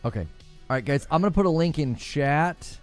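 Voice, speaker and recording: Male streamer host, animated casual chatter over a headset mic, soft game music underneath. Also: on the high side, moderate pace. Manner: animated, rambling with repeated fillers. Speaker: streamer hosting a members' stream. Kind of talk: casual live-stream chat while gaming.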